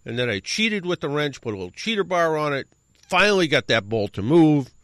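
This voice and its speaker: A middle-aged man hosts a radio show and tells a long, casual story. His pitch swings up and down a lot. He corrects himself often and adds wry asides, and his voice sounds dry and close. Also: sing-song, brisk, a bit bright, dry recording. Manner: rambling, self-correcting anecdote with wry asides.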